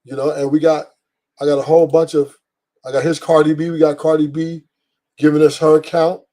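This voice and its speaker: A man with a warm, mellow voice sits at the mic hosting his own commentary show. He speaks in a preachy, emphatic way and repeats his main lines for effect. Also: fairly high pitch, little pitch movement, brisk. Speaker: host. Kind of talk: opinion commentary.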